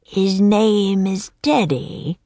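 A woman voicing a cruel half-bird male king with a raspy voice, drawing out his words slowly and mockingly. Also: medium pitch, warm tone, no echo, voice pushed up. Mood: menacing. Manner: slow, drawn-out, mocking.

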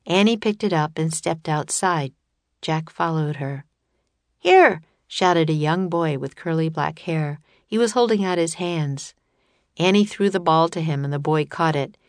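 A woman narrating a children's storybook in a clear, expressive way. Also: low voice, no room sound.

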